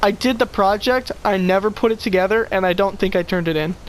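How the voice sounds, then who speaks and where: A teenage podcast host in casual chat, griping about school and telling stories with animation. The voice sits at a medium pitch, with a faint hiss behind it. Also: fairly quick. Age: teens. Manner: complaining, animated storytelling.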